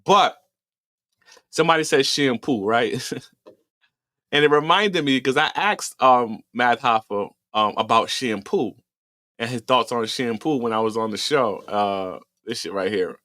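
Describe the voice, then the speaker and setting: A man hosting a casual live stream, animated and quick to laugh. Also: medium pitch, no room sound, studio quality. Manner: animated, laughs often, drawn-out reactions. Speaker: host.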